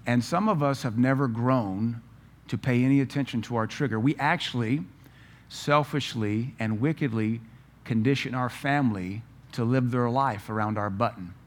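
A man preaching a sermon, firing off rhetorical questions and telling stories with lively energy. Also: mid-range voice, normal speed. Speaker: pastor.

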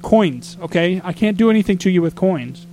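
A man from Arizona with a slightly raised voice tells a rambling travel story in relaxed podcast chat. He gets animated and exasperated, jumping into mock quotes of other people. A faint hum runs under the recording. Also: high voice, normal speed, vocal fry.

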